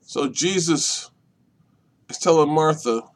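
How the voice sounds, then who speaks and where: A man with a fairly high voice leads a Bible study in a deliberate, emphatic way. He leans hard on key points and repeats them, then drops to a soft, low delivery. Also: expressive. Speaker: minister leading Bible study.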